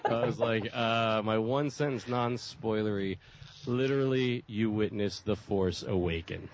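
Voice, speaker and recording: A man's voice: on the low side, unhurried. A man joining a podcast as a guest, joking and laughing through casual chat. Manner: jokey, laughing. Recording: heavy background noise.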